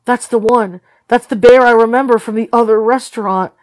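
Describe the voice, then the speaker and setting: A woman voicing a frightened teenage boy who is shaken and haunted, in a read-along storybook, talking urgently and sometimes in a hushed whisper. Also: fairly high pitch, steady tone, brisk, no room sound, pitched above the performer's own voice, lightly acted.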